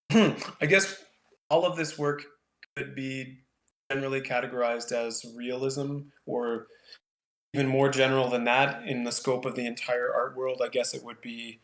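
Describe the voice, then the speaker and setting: Flat-voiced man with a rambling manner. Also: mid-range voice, measured pace, echoey room. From Canada. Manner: thoughtful, rambling with many fillers. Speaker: painter, guest. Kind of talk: casual interview conversation.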